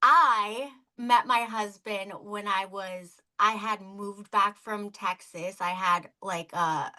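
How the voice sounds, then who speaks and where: A woman from Michigan's Upper Peninsula hosts a recovery podcast. She chats openly about her own past, with self-deprecating humour. Her voice is bright and sharp, at a middle pitch. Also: slow pace, rough recording. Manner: open, emotional and self-deprecating. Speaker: podcast host. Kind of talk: conversational podcast chat.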